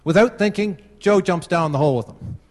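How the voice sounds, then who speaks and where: A man's voice: high-pitched, fairly quick, a little mellow. A Canadian man giving a casual short talk at a conference, telling a joke. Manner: casual, tells a joke with voiced characters. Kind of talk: open-mic talk with a joke. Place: large conference room. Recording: long hall reverb.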